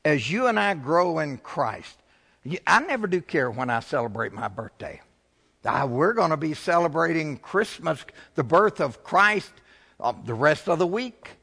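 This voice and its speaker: A man's voice: on the high side, very animated, a little slow, creaky, pushed and bright, husky, in a large hall. A male pastor preaching a sermon, building to emphatic, rising swells.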